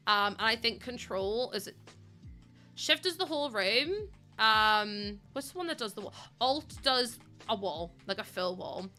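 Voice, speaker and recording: Chatty bright-voiced young woman streamer. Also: fairly high pitch, expressive, measured pace, faint music behind. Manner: chatty, laughs often, acts out quoted voices. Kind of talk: casual chat while live-streaming a building game.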